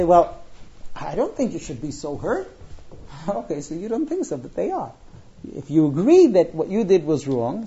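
A Torah teacher with a warm, husky, mid-range voice gives a Mishnah lesson, quoting Hebrew lines and then translating and explaining them through everyday stories. His delivery is conversational, full of fillers and personal anecdotes, and the audio sounds dull.

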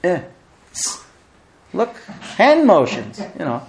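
Animated middle-aged man lecturing. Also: sits high, slow, vocal fry. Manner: animated storyteller, acts out quoted dialogue. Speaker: rabbi teaching a recurring class. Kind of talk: lively classroom lecture with humor.

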